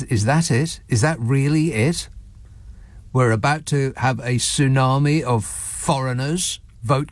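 Sardonic radio host, dry studio sound. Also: male voice, medium pitch, dry recording. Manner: sarcastic, mocking, lively asides. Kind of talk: sardonic talk radio monologue.

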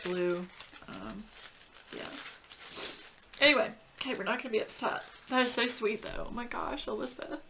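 A woman hosting a casual craft unboxing, gushing and getting emotional with breathy exclamations. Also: on the low side, a bit bright, slight background noise. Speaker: craft channel host.

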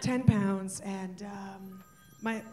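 A woman performing a stand-up comedy set, breaking into shouts and laughter. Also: medium pitch, fairly even intonation, drawn-out words, recorded from a distance. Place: stage before an audience.

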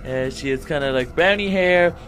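A man's voice: on the high side, moderate pace, a bit bright, slight background noise, lightly acted. A man voicing an anxious, talkative young male shark hero in a Minecraft role-play, stammering and rambling when scared. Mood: flustered rambling.

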